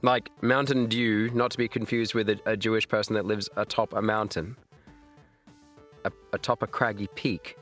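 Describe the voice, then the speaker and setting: A man's voice: fairly low pitch, normal speed, faint music behind. A man in his thirties chatting casually on a live stream, laughing and exclaiming at chat while fighting hiccups. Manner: animated, laughing, reacting to chat with loud exclamations.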